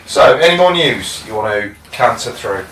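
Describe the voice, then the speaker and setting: A man's voice: mid-range voice, expressive, normal speed, fairly bright tone, a little hiss or hum. A man co-hosting a podcast in casual chat, with dry, teasing banter and frequent laughs. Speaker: podcast co-host. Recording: roomy echo, mic at a distance.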